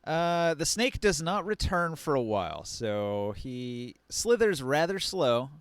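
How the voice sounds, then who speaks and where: A man's voice: on the high side, sing-song, takes it slowly, clean tone, dry recording. A man narrating as game master on a live stream, playful and rambling, with laughing asides into a close mic.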